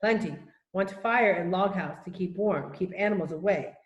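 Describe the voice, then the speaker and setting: A woman voicing a proud, demanding adult male chief who speaks in slow, clipped broken phrases, in an echoey room. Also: on the low side, lo-fi sound, close to an everyday voice.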